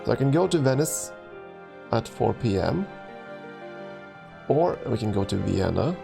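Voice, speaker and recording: A man's voice: mid-range voice, very animated, unhurried, creaky, music in the background. A man streaming a let's play, chatting casually and reading a story game's text aloud with frequent ums, restarts and chuckles.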